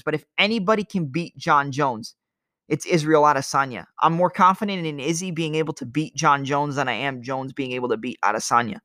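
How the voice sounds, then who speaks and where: A man with a fairly high voice talks through fight analysis as a show host, loose and chatty, with the occasional burst of sound effects for punches. The sound is dry and close, with no room echo. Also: bright, forceful tone. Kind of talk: casual fight breakdown monologue.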